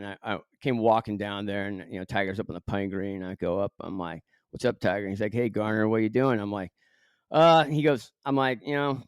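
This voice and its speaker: A man's voice: lowish voice, clear, resonant tone, no echo, clean studio sound. A middle-aged man from Southern California with a Southern Californian accent, a podcast guest telling a self-deprecating story with lots of fillers. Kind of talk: storytelling in a casual interview.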